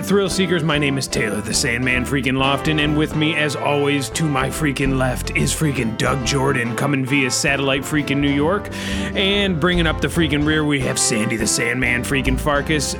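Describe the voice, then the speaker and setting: A podcast host with a medium-pitched, creaky voice does a comic in-character rant. He bellows catchphrases on his comedy podcast and crams "freaking" into every phrase.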